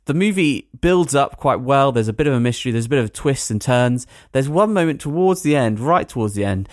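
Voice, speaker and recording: A man hosting a podcast, reviewing a film in a rambling, animated way with plenty of hedging fillers. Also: medium pitch, brisk, no echo, studio quality. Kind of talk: casual podcast chat.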